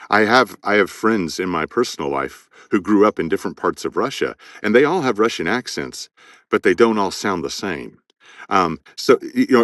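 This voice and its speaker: A man's voice: fairly low pitch, fairly bright tone, no room sound, studio quality. A man who narrates audiobooks, talking in an interview in a thoughtful way and often repeating words as he builds a point. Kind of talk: conversational interview.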